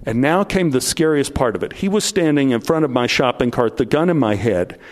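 A middle-aged man telling a first-person story to an audience, dropping low and slow at the tense moments. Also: lively intonation.

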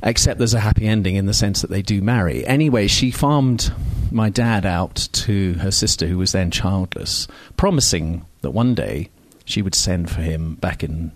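Speaking at a low pitch and moderate pace with hardly any pauses, an older Scottish man with a received pronunciation accent tells a personal story into a stage microphone. His storytelling is wry, digressive and self-mocking, packed with fillers.

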